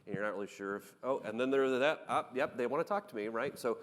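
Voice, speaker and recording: A man on a conference panel, telling anecdotes in an animated way with many restarts. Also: mid-range voice, quick pace, long reverb tail. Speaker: panel guest, startup founder.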